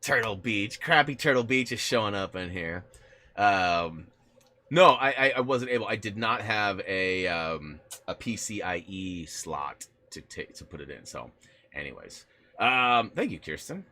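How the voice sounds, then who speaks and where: A man's voice: on the low side, lively intonation, measured pace, pushed and bright. A man hosting a casual live stream on a gaming headset, rambling with many restarts, laughing often and answering viewer chat.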